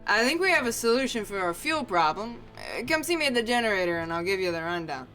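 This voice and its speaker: A woman voicing a gruff, practical rig foreman with a put-on New York accent as she reads a game's dialogue aloud. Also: medium pitch, big pitch swings, quick pace, pushed and bright, faint music behind. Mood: matter-of-fact.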